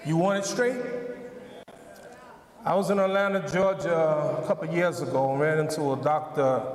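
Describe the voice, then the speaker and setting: A man's voice: a little high, normal speed. A man preaching a sermon at a convention, telling stories and pressing home emphatic, repeated rhetorical questions. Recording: echoey hall, distant mic.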